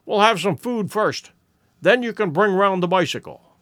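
A man voicing an eager, sharp male detective who makes brisk, emphatic deductions in an audiobook reading. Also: high-pitched, lively intonation, no echo, studio quality, voice pushed up. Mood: breezy.

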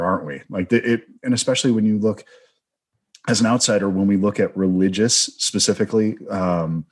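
A man hosts an interview with a film director and muses at length, circling his points thoughtfully. His voice sits very low and has a slightly husky edge. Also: darkish tone. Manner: thoughtful, rambling, reflective. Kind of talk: conversational interview.

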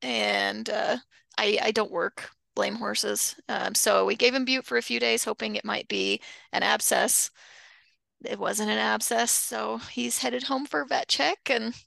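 Woman host chatting laid-back, very creaky voice, dry close mic. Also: fairly high pitch, unhurried, no room sound. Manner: relaxed, easygoing. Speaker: podcast host and horse trainer. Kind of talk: casual podcast chat.

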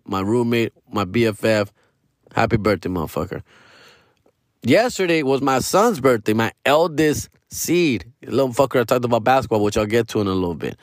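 A man's voice: medium pitch, no room sound. Middle-aged man, podcast host, loose profane rant with Spanish slang, dry close sound. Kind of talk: casual ranting monologue.

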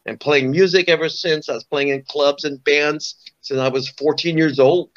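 A man's voice: fairly high pitch, fairly even intonation, moderate pace, a bit bright, highs cut off. A man in his sixties from Southern California, a guest musician telling stories in a rambling way, full of "you know" and restarts. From Orange County, California. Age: 60s. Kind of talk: casual storytelling interview.

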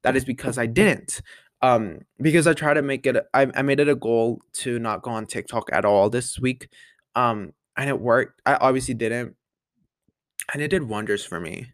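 A man's voice: medium pitch, normal speed, no echo, clean studio sound. A young man hosting his own podcast, rambling casually with lots of "like" and "um" fillers. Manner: rambling, full of "like" and "um" fillers, chatty. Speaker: podcast host. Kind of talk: casual solo podcast chat.

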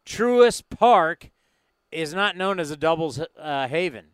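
A man's voice: on the high side, normal speed, a bit bright, clean tone, dry recording. A man hosting a sports talk show, joking and asking a lot of questions.

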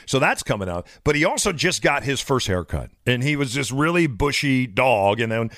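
A man's voice: mid-range voice, very animated, moderate pace, a bit bright, a little hiss or hum. A man in his fifties, a podcast co-host rambling through a story in casual chat and acting out the quotes. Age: 50s.

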